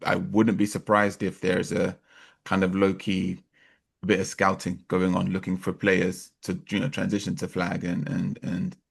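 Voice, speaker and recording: A man with a very deep, gravelly voice co-hosts a casual podcast. His tone is husky and a little rough, and he rambles along, hesitating and repeating words. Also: completely flat delivery, unhurried. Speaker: podcast co-host. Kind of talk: casual chat.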